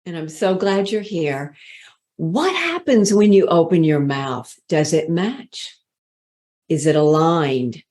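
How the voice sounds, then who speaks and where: A woman giving a motivational talk on leadership as a voice coach, speaking slowly and deliberately with drawn-out emphatic words. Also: sits low, animated, a little mellow.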